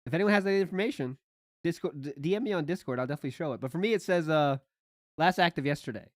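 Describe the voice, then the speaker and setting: A woman's voice: low voice, no room sound, clean studio sound. A woman hosting a podcast, sarcastically mocking a clip she is reacting to. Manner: sarcastic, teasing, quick to laugh. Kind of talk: mocking commentary.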